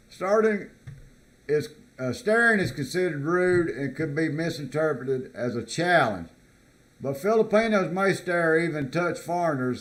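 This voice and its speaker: Fairly high in pitch with a fairly bright tone, a man from the United States goes through a list on his vlog, reacting in a casual, stumbling way full of fillers and repeated words.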